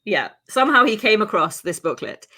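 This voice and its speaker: A woman hosts a podcast and tells a grim old tale in a loose, chatty way. She uses lots of ums, goes off on playful asides, and her pitch sits in a plain middle range. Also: big pitch swings, a little fast, bright, forceful tone, breathy edge. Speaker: podcast host telling the story. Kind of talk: casual true-crime storytelling.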